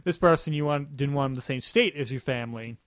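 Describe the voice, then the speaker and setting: A podcast co-host talks fast in a medium-pitched voice, chatting casually about a show. He rambles and keeps restarting his sentences, and the recording has no echo.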